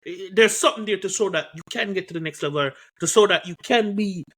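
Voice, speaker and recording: Host guy with a bright, sharp, slightly high voice, easygoing football chat. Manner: agreeable, quick to concede points, gives chat shout-outs.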